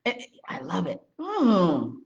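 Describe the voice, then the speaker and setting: A woman business owner chatting casually on camera beside her husband, a blunt and lively storyteller. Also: fairly low pitch, slow, gravelly. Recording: dull lo-fi sound.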